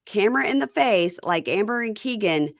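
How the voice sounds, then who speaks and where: Animated woman recapping a reality show. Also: mid-range voice, moderate pace, gravelly, dry recording, clean studio sound. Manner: retells scenes with quoted voices and wry asides. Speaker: podcast host. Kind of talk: casual recap chat acting out reality-show dialogue.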